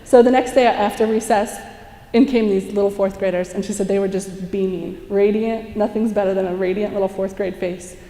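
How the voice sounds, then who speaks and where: A woman's voice: mid-range voice, a little fast. A young woman giving an inspirational talk at a conference, telling stories with acted-out quotes and frequent laughter. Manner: animated storytelling, acts out quotes, laughs often. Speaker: conference speaker. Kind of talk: inspirational talk to a live audience. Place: large conference hall. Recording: echoey hall, heard from a distance.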